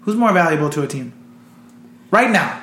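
A man's voice: a little high, very animated, moderate pace, fairly bright tone. A man co-hosting a casual sports podcast, breaking down trades and laughing often. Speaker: podcast co-host. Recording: echoey room.

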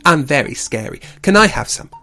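A man doing a squeaky eager bear cub. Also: sing-song, brisk, gravelly, pushed and bright, soft background music, heavily acted. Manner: high, breathless, insistent asking. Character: small eager bear cub, playful and pestering.

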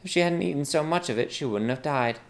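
A sly young maid from a comic fantasy story, pitched higher than the narration, as a man puts her on. She talks about poison and snakes in a calm, matter-of-fact way. Her manner is cool and quietly scheming. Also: fast, gravelly.

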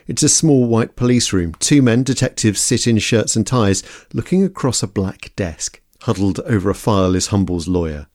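A man delivering measured, scripted documentary narration as podcast host. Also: on the low side, expressive, a little mellow, no room sound, clean studio sound. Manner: measured, descriptive.

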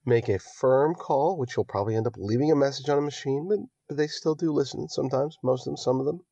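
A man hosting a political podcast, delivering a rousing monologue that builds to near-shouting exhortation. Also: medium pitch, fast, breathy edge, dry recording, highs cut off. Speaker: podcast host.

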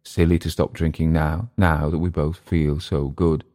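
A man's voice: very deep voice, little pitch movement, moderate pace, dark tone. A man reading aloud, voicing a drunk young Englishman who mocks his companion with jeering taunts. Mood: gloating.

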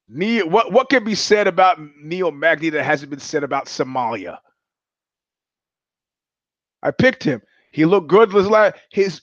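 A man's voice: a little high, no room sound. Wry rambling man, dull lo-fi sound. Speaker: podcast host. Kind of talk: casual monologue commentary.

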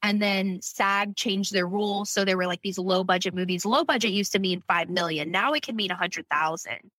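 A woman's voice: mid-range voice, normal speed, fairly bright tone, no room sound, poor audio. A woman in her thirties from Louisiana, a guest on a podcast, telling her life story in a candid, emotional way. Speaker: podcast guest, company founder. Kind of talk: personal storytelling in an interview.

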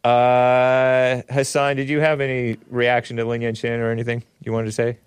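A man's voice: medium pitch, completely flat delivery, moderate pace, clean tone, no echo. A man hosting a livestream talk show, reading viewer messages aloud and chatting in a rambling, chuckling way. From United States.

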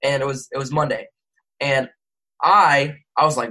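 A man's voice: mid-range voice, steady tone, normal speed, sharp tone, poor audio. A young man, a rapper and interview guest, telling a rambling casual story full of slang and self-corrections. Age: young adult.

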